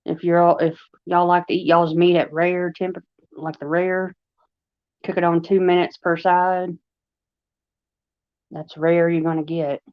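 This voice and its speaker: Slow-talking Long Island woman on a livestream. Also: on the low side, flat delivery, no echo. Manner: rambling, chatty, heavy use of fillers. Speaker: livestream host. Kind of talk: casual livestream chat. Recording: dry, slightly dull lo-fi recording.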